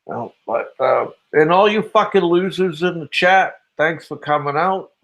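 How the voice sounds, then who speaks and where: A man's voice: on the high side, unhurried, gravelly, fairly bright tone, rough recording. A man hosting a live stream, crude and profane, mocking people and laughing often. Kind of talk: casual live stream chat.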